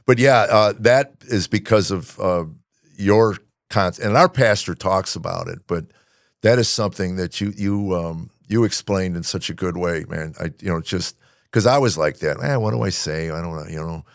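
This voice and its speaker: A man hosting a podcast in casual chat, halting, with many fillers and restarts. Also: sits low, creaky, no echo, studio quality. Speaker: podcast host.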